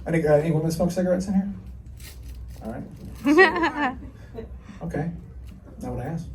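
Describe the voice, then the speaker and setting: A man's voice: on the high side, huge pitch swings, moderate pace, a little hiss or hum. A man in his thirties doing a crude, self-deprecating stand-up set and riffing with the audience. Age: 30s. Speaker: stand-up comedian. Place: comedy club stage with a laughing crowd. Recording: roomy live club sound from a distance.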